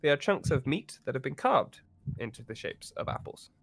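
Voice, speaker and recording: A man running a tabletop game as game master, describing scenes with lively relish. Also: medium pitch, normal speed, gravelly, dry recording.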